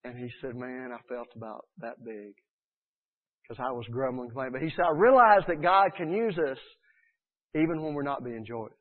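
A man preaching a sermon in an earnest, animated way, acting out the people he quotes. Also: medium pitch, moderate pace. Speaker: pastor. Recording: tinny phone-like sound.

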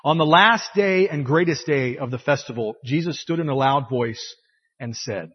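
A man's voice: mid-range voice, moderate pace, husky. A man preaching a sermon and reading scripture aloud, acting out the quoted voices with feeling. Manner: expressive, acts out quoted voices. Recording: dull lo-fi sound with long hall reverb.

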